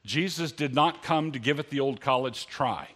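A man's voice: mid-range voice, moderate pace, a bit bright. A man preaching a sermon in an earnest, conversational way, lifting his voice on key lines.

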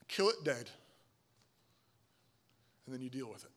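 A man preaching a sermon, emphatic, often asking "Right?", swinging from loud stresses to low, quiet asides. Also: animated, measured pace, pauses often. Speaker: pastor.

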